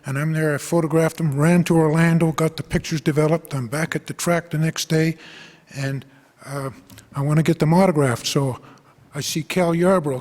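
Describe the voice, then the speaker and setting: An older man with a slightly high voice gives an acceptance speech, stumbling and restarting as he spins a chatty anecdote. His words ring out with a long hall reverb. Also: steady tone, a little mellow. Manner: halting, chatty storytelling with quoted voices. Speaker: inductee. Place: banquet hall.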